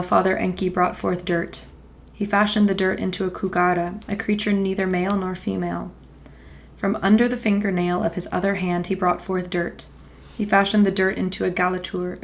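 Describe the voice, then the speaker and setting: A woman podcast host reading an ancient myth aloud in steady, measured storytelling. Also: medium pitch, creaky.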